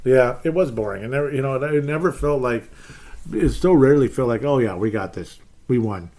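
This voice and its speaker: A man's voice: mid-range voice, animated, brisk, warm tone. A man in his forties, maybe, hosting a casual live sports show, rambling, self-deprecating and exasperated as he reads chat comments. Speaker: podcast host reading chat comments.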